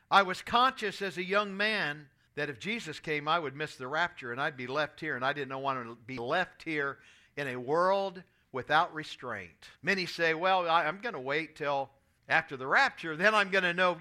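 A man's voice: on the high side, pushed and bright. A man in his sixties preaching a sermon, telling stories and reading scripture aloud in an earnest way. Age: 60s. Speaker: pastor.

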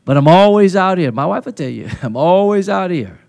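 Male preacher, high-pitched voice, handheld mic, emphatic call-and-response, folksy phrasing. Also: expressive, a little fast, vocal fry, a little mellow. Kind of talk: sermon. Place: conference hall.

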